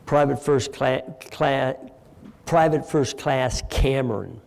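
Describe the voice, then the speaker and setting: A man's voice: mid-range voice, slow pace, vocal fry, a little mellow, big-room sound. An older man in his sixties voicing a scared seventeen-year-old male Marine private, answering in a stiff, formal way with a bark of "sir.". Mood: stiff nervous.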